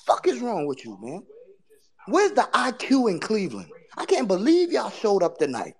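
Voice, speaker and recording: A woman hosting a sports podcast, ranting in casual talk with profane, taunting trash talk that swings between loud jabs and low mutters. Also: huge pitch swings, normal speed, slightly rough. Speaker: podcast host.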